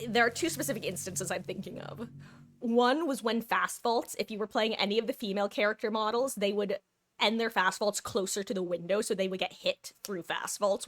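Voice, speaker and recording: A woman live-streaming a game, chatting casually with viewers in an excitable, talkative way on a desktop mic. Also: mid-range voice, slight background noise. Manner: chatty and excitable, quick bursts of laughter. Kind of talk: casual gameplay chat with viewers.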